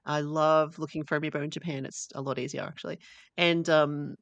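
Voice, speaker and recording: Gravelly-voiced woman co-hosting a podcast. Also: deep voice, fairly even intonation, fairly quick, no room sound, lo-fi sound. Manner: chatty, laughs often, many fillers. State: losing her voice. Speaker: podcast co-host. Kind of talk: casual chat.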